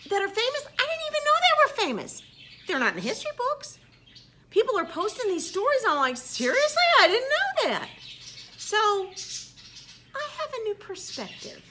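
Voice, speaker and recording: A middle-aged woman, a teacher, chatting casually into the camera and telling stories about her students with animated quoted voices. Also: very high voice, a little hiss or hum. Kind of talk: casual vlog monologue.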